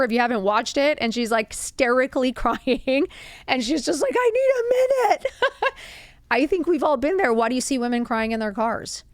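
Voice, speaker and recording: A woman's voice: smooth, dry recording. Blunt, confiding woman in her fifties. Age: 50s. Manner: blunt, confiding, animated with laughs and high put-on quotes. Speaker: podcast host. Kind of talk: candid solo podcast talk.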